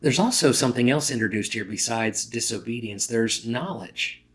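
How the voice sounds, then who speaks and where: A pastor preaching a sermon in a conversational way, sometimes correcting himself mid-word and acting out quoted lines. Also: male voice, medium pitch, lively intonation, normal speed, fairly bright tone.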